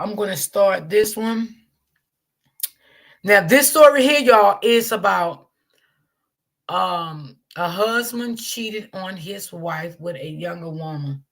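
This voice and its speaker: Slow gravelly woman hosting a livestream. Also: on the low side. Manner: greets viewers by name. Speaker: livestream host. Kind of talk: casual livestream chat.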